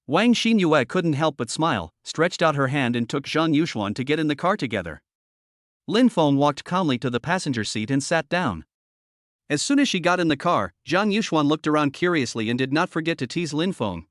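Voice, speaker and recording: A man narrating a romance novel with an even, steady reading. His voice sits a little high for a man and sounds dry and close, with no room around it. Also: normal speed, dry recording.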